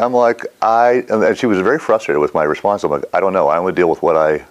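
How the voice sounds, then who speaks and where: Low-voiced man teaching, lively and rambling. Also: fairly quick. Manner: rambling, animated, asks the class questions. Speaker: mindfulness teacher. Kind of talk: casual classroom talk.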